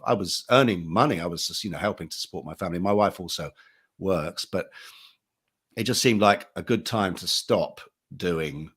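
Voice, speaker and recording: A man's voice: low-pitched, a bit bright. A man, an actor and audiobook narrator speaking casually and anecdotally on a panel. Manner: conversational, anecdotal, with many restarts.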